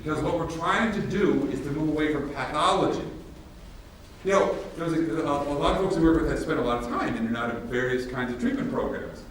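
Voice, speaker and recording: A man gives a workshop talk, telling stories casually and acting out the dialogue with lively emphasis. He sounds far from the microphone in a very echoey hall. Faint ambient noise runs underneath. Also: fairly high pitch, brisk. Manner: casual, animated, acts out dialogue. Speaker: workshop presenter. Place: large room with audience.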